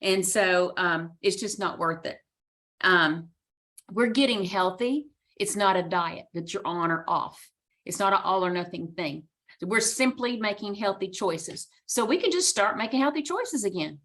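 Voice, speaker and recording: A woman's voice: medium pitch, a little slow, a bit bright. A woman coach talks to a group over a video call in a mid-range voice. She is chatty and reassuring, with loose asides. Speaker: guest speaker, coach. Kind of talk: casual motivational talk on a video call.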